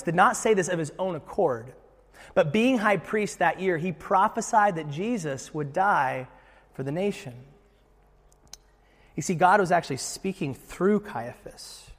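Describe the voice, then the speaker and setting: A man preaching a sermon in an animated, conversational way with casual asides. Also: on the high side, in a large hall. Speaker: pastor.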